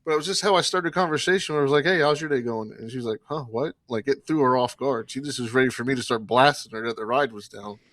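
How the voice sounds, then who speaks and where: A man's voice: medium pitch, fast talker, hardly any pauses, no room sound, clean studio sound. A man from South Carolina, co-hosting a casual podcast chat, tells anecdotes and acts out both sides of each conversation. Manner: animated storyteller acting out both sides of dialogue. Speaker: podcast co-host.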